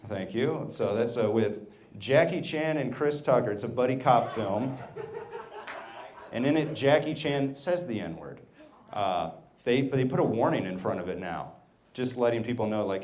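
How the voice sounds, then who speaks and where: A man works a comedy club stage, spinning a family story and acting out the people in it. His voice sits at a mid pitch. He talks into a handheld stage mic. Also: a little slow. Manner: storytelling, animated quoting. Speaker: stand-up comedian. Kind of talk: stand-up comedy set.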